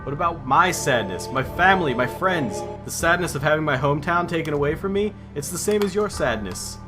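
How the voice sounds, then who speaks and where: A man voicing a grieving, fierce young woman fighter, pushing his voice up high and pleading. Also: animated, fairly quick, over music, close to an everyday voice. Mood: grief-stricken.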